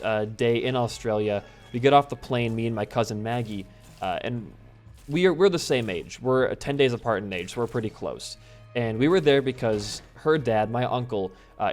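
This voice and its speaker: A man's voice: medium pitch, a little mellow. Casual rambling American gamer man. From US Midwest. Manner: casual, rambling, swears freely. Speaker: gaming YouTuber. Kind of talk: gameplay commentary with storytelling.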